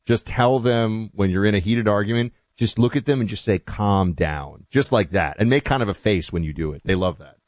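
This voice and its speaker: A man's voice: fairly low pitch, brisk, no room sound. A man co-hosting a talk radio show, chatting in a wry, sarcastic way. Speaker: radio co-host. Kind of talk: casual talk radio banter. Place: radio studio.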